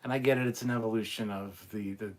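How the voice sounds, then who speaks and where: A man's voice: on the low side, steady tone, fairly quick. A man hosting a casual live stream, reading chat aloud and ranting bluntly with plenty of swearing.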